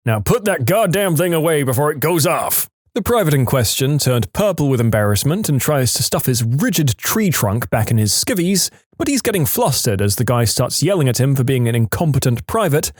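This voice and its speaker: A man narrating reader-submitted stories in a lively scripted storytelling manner. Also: medium pitch, a little fast, few pauses, no echo, studio quality.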